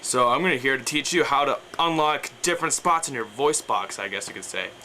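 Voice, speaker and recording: A young man talking through a casual vocal tutorial, rambling and unsure, with a bright, forceful edge to his voice. A faint hiss of noise sits behind him. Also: mid-range voice, brisk, rough recording. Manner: rambling, hesitant, lots of fillers, breaks into screams and growls.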